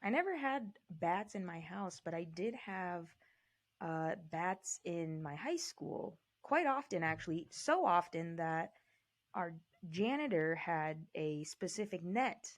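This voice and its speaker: Animated, foul-mouthed woman storyteller. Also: fairly low pitch, takes it slowly. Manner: animated storyteller, swears a lot, teasing. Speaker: podcast co-host. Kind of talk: casual chat.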